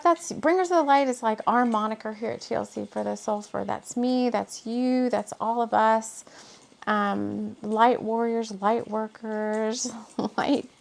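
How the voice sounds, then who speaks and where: A fairly high-pitched woman with a gravelly, fry-tinged voice, chatting casually as a spiritual host. She rambles, laughs often and fills pauses with "um" and "you know" while drawing tarot cards.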